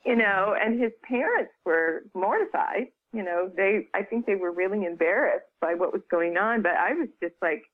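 A woman's voice: medium pitch, animated, normal speed, hardly any pauses. A woman, an author, retells a personal story in a loose, chatty interview voice. She restarts often and peppers it with "you know." Her voice comes through a thin, phone-like line. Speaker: author and guest.

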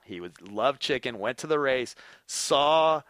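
A middle-aged man, a former motocross racer, telling stories as a podcast guest in an animated way and swearing freely. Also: mid-range voice, measured pace, dry recording. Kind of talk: casual storytelling.

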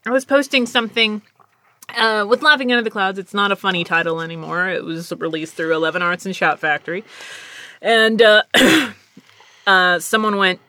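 Bright-voiced woman telling lively stories. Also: medium pitch, moderate pace. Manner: animated storytelling, laughs often. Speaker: guest. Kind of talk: casual chat.

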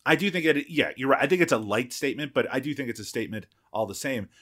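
A man co-hosting a film podcast, relaxed and laughing easily, hedging with filler phrases. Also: medium pitch, fast. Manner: relaxed, laughs easily, hedges with "you know". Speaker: podcast co-host. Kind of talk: casual film review chat.

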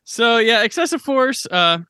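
A man's voice: extremely high pitch, big pitch swings, a little slow, sharp tone, smooth, no room sound, clean studio sound. A man hosting a casual film podcast, laid-back and running through rankings. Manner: laid-back, rattles off ratings lists. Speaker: podcast host.

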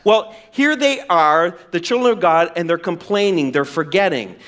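A man preaching a sermon as pastor, animated and playful, sometimes acting out whiny voices. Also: sits high, normal speed.

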